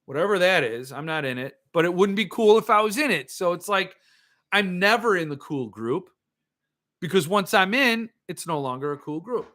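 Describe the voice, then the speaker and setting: A man's voice: high-pitched, lively intonation, normal speed, pushed and bright. A man hosting a livestream, ranting sarcastically and answering viewer comments in casual chat. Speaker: podcast host.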